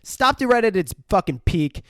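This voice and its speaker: A man's voice: high-pitched, very animated, moderate pace, dry recording, clean studio sound. A man co-hosting a podcast, casually and profanely retelling movie scenes in a film review chat. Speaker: podcast co-host.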